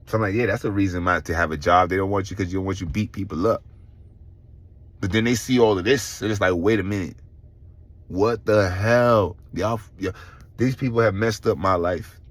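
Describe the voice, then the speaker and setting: A middle-aged man, telling his own story in a casual vlog, animated and swearing, acting out other people's voices. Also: low-pitched, a little fast. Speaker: vlogger.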